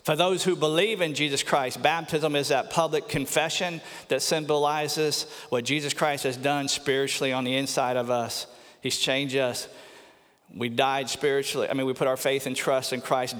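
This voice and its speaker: A man's voice: medium pitch, little pitch movement, fairly bright tone. Man preaching in a reverberant church. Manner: earnest preaching, slows for emphasis, repeats words. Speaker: pastor. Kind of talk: sermon. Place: church sanctuary. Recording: long church hall reverb.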